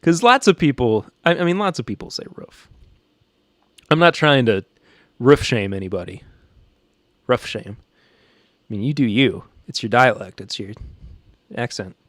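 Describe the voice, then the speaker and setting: A man's voice: medium pitch, lively intonation, measured pace, long pauses, a bit bright, no echo, studio quality. A man with a Southern American accent hosting a podcast, chatting casually and joking while reacting to a live chat. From Southern United States. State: a little stressed. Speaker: podcast host.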